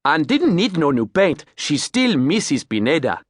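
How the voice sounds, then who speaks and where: A man voicing a lean, grinning boat captain with a Creole accent, talking loud in clipped broken English. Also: high-pitched, big pitch swings, measured pace, no echo, clean studio sound, pitched above the performer's own voice, exaggerated voice. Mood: boisterous.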